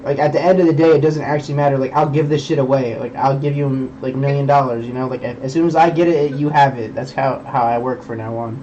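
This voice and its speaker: A man's voice: medium pitch, steady tone, quick pace, hardly any pauses, dark tone, lo-fi sound, slight background noise. A young man streaming, rambling in casual chat, swearing a lot and preaching about belief.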